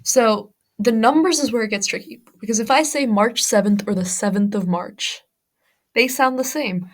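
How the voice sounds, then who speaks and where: A woman's voice: on the high side, moderate pace. A woman with an American accent teaching an English-as-a-second-language lesson, explaining patiently step by step with worked examples. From United States. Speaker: ESL teacher.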